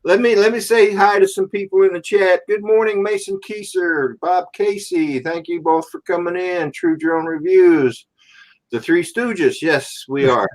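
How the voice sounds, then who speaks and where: Easygoing male stream host, fairly high voice. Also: unhurried. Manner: relaxed, greets viewers in the chat one by one. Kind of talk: casual live-stream chat.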